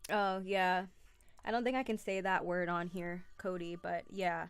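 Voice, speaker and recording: A woman's voice: fairly low pitch, measured pace, clean tone, soft background music. Chatty young woman hosting a live stream. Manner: chatty, excitable, greets viewers by name. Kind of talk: casual live-stream chat with viewers.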